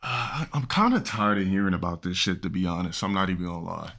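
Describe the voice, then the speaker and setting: A man's voice: deep voice, animated, fast talker, fairly bright tone. A male streamer chatting casually and bluntly, reacting crudely to clips. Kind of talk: casual livestream chat.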